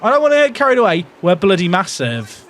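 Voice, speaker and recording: Animated man with high voice. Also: quick pace, faint music behind. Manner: animated, jokey, swings between hype and mutters. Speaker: gaming YouTuber. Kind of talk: excitable game commentary.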